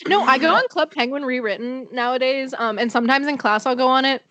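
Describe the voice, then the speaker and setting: Young female co-host, bubbly and giggly, high-pitched, dry studio sound. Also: fast talker, a bit bright, dry recording. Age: young adult. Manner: bubbly, laughs often. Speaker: podcast co-host. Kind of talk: casual chat.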